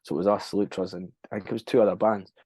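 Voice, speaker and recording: A young Scottish man with a low, mellow voice tells his story in a loose, rambling way. He swears freely and keeps losing track of dates. The sound is dry and close. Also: fairly even intonation, fast talker, breathy edge, dry recording. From Scotland. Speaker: band frontman, podcast guest. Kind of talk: casual interview chat.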